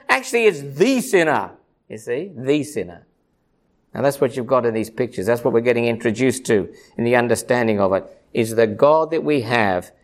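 A man preaching a sermon, swinging from hushed low asides to high ringing emphasis, with rhythmic repeated phrases. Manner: repetitive, rhythmic lists of phrases.

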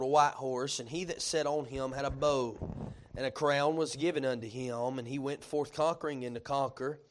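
A man preaching a sermon, reading scripture slowly and stopping to ask the congregation questions in conversational asides. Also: medium pitch. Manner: reads scripture slowly and deliberately.

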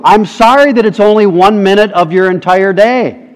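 A man's voice: high-pitched, lively intonation, fairly quick. A man preaching a sermon emphatically, putting rhetorical questions to his congregation. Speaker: pastor. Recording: long reverb in a hall.

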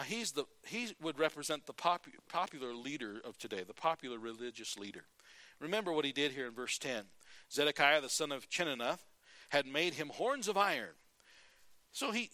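A man preaching a sermon, retelling a Bible story and acting out its characters in lively, conversational bursts. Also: fairly high pitch, fairly quick, no echo. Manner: animated, acts out the Bible characters in his retelling.

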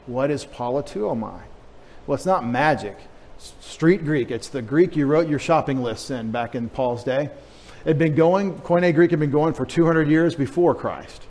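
A man's voice: on the high side, normal speed, darkish tone, slight background noise. Man preaching in a reverberant church. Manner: conversational, jokey, spells out Greek words. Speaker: pastor. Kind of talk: teaching sermon. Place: church sanctuary.

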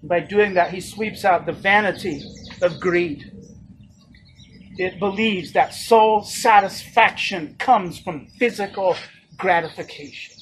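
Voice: mid-range voice, slow pace, a little hiss or hum, low-quality recording. A preacher delivering a sermon, emphatic and fond of rhetorical questions.

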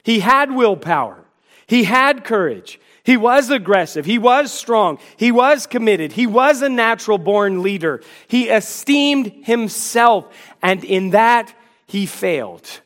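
A man's voice: high-pitched, animated, takes it slowly, fairly bright tone. A man preaching a sermon in an emphatic, repetitive, rhetorical way.

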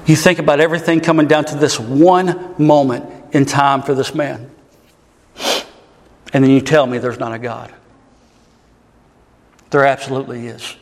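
A man preaching a sermon, impassioned and swinging between loud and soft. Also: medium pitch, fairly even intonation, normal speed, pauses often. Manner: impassioned, rising and falling delivery. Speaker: pastor. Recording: long hall reverb.

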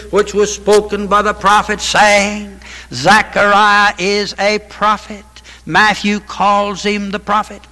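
A man preaching a sermon, reading scripture aloud and pressing each point with emphasis until he breaks into shouts. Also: high voice. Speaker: pastor. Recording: echoey hall with long reverb.

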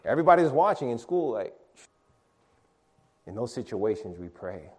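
A man's voice: medium pitch, sing-song, moderate pace, husky. A middle-aged man leading an informal sermon and Bible study, calling on listeners to read verses aloud and talking with many restarts.

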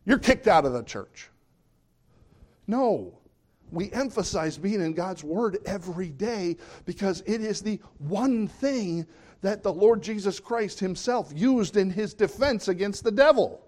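A man preaching a sermon as pastor, animated, jumping up to high emphatic bursts and dropping low for asides. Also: measured pace.

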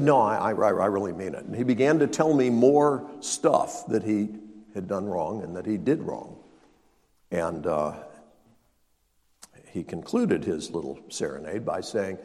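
A man's voice: fairly low pitch, darkish tone, long reverb tail. An older man preaching a sermon as pastor, telling a story and acting out the dialogue with emphatic rises.

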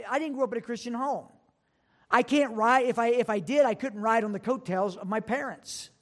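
A man with a rather high voice preaches a sermon in earnest. He reads scripture aloud and slows his delivery to press home each point. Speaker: pastor.

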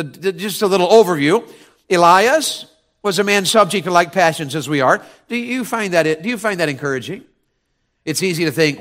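Fervent preacher with a bright voice. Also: male voice, sits high, animated, brisk. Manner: folksy, fervent, emphatic. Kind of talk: sermon.

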